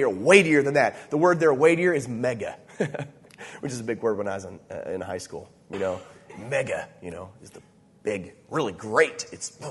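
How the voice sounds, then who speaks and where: A man's voice: fairly high pitch, moderate pace, breathy edge, in a large hall. A man preaching a sermon as pastor, emphatic and checking in with frequent asides to the congregation.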